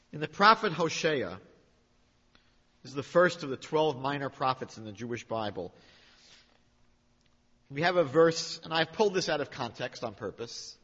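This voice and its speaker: A man teaching a Bible class, animated and questioning, quoting Hebrew phrases slowly. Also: medium pitch, husky. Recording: dull sound with long hall reverb.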